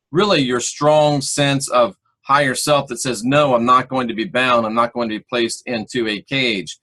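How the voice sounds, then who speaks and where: A man hosting a religious teaching video, speaking in a drawn-out, emphatic preaching manner. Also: medium pitch, pushed and bright. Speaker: host and former minister. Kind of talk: monologue teaching.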